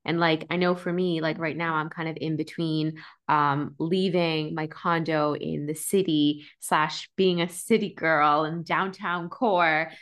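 A woman podcast host talking in a chatty, expressive way in a casual interview. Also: sits low, unhurried.

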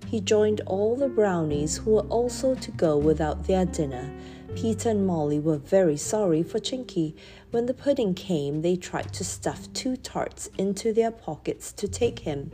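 A woman storyteller reading a children's book aloud in clear, measured narration. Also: lowish voice, warm tone.

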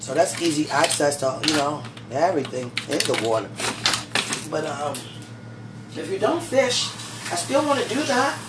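A woman's voice: low voice, normal speed. A woman talking casually and gushingly to her partner at home, rambling with many "you know"s and fervent religious asides. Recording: echoey room, far from the mic, steady background noise.

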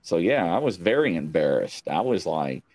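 A man's voice: low voice, very animated, normal speed, a little mellow, no echo. A man hosting a live online talk show, chatting casually in a rambling, joking, self-mocking way. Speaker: livestream talk show host. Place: home stream set.

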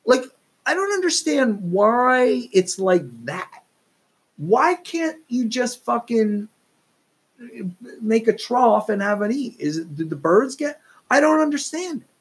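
A man's voice: extremely high pitch, very animated, takes it slowly, slightly rough. A man hosting a solo podcast, ranting in a profane, exasperated, rambling way. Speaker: podcast host.

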